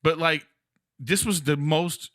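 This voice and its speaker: A podcast host and comedian chatting casually, quick to agree and swap stories. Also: male voice, a little high, no room sound, clean studio sound. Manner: lively, chimes in with quick agreement. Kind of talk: casual chat.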